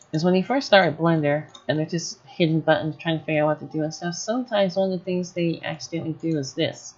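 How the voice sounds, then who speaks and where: A woman running a casual live software tutorial, thinking aloud as she works. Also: fairly low pitch, slightly rough, muffled recording. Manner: thinking aloud while working, casual and chatty. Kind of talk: live screen-recorded tutorial.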